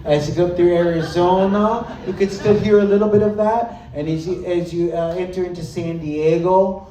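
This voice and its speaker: A man's voice: sits high, fairly even intonation, normal speed, dark tone, recorded from a distance, a little hiss or hum. A man performing a live stand-up set on a club stage, playful and loose, slipping into mock regional accents. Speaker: stand-up comedian. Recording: roomy live club sound with music.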